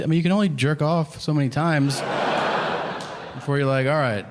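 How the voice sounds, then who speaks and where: A man in his thirties doing a stand-up comedy set, telling animated stories and acting out both sides of each conversation. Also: a little high, fairly quick. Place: comedy venue stage with audience laughter. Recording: live stage audio with audible background noise.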